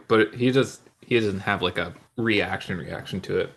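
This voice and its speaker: A man's voice: fairly low pitch, animated, moderate pace. A man playing a tabletop game, describing his character's reaction offhandedly. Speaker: player.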